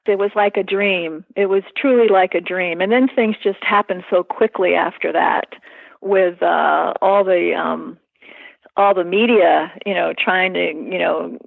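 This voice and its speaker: A woman being interviewed, recalling personal events in a halting, earnest way with many fillers. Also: lowish voice, vocal fry, no room sound. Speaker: interview guest. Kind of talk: emotional personal recollection. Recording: tinny phone line.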